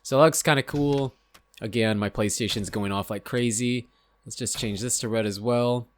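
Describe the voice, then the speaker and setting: A young man, slightly hoarse, casually talking through a video game's menus, rambling and often unsure of himself. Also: medium pitch, steady tone, moderate pace, a little hiss or hum. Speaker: gaming YouTuber. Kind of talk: casual gameplay commentary.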